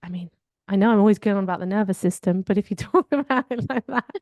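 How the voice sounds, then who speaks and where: A woman co-hosts a podcast in a relaxed, conversational way. She tells personal stories candidly and reflects as she talks. Her voice sits in an ordinary middle register and is recorded dry and close. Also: medium pitch, quick pace, no echo. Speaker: podcast co-host. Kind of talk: casual conversational chat.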